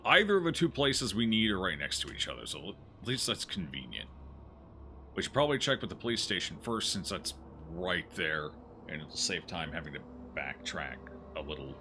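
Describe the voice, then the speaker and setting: A man with a low, bright voice that moves up and down a lot talks casually over a game he is playing. He jokes, thinks aloud and reads out on-screen text, with a faint hiss behind him. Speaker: gaming streamer. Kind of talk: casual let's-play commentary.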